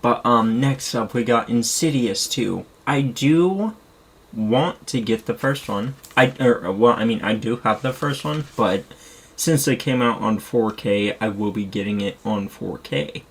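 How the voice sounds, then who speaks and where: A young man chatting casually and rambling excitedly as a streamer, with the odd curse word. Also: mid-range voice, unhurried, vocal fry, slightly rough. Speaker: streamer showing his movie collection. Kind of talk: casual chat.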